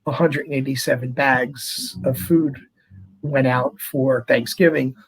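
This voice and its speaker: Husky-voiced chatty priest. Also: male voice, mid-range voice, unhurried, rough recording. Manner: chatty, animated storytelling. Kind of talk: conversational interview.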